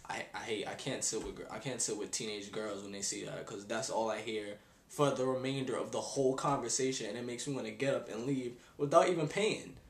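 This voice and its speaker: A man's voice: medium pitch, brisk. A young man, ranting in a casual vlog with exasperated sighs and slang. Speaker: vlogger. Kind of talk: casual rant. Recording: echoey room.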